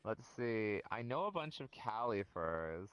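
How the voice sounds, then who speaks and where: A man's voice: on the low side, big pitch swings, measured pace, fairly bright tone, clear, resonant tone, no echo. A man from the Southern US chatting casually on a podcast, easygoing and teasing the others along. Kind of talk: casual chat.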